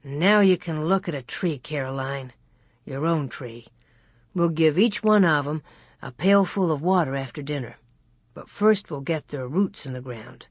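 A woman voicing a calm, firm pioneer father in a storybook reading, dropping her voice low and keeping it plain and reassuring. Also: unhurried, slightly rough, dry recording, studio quality. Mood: gentle.

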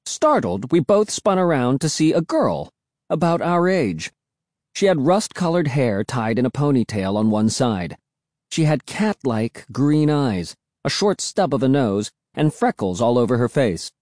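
Lively, mellow male audiobook narrator. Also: a little slow, dry recording, studio quality. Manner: voices the children's dialogue with shifts in pitch. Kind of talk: scripted narration of a children's novel.

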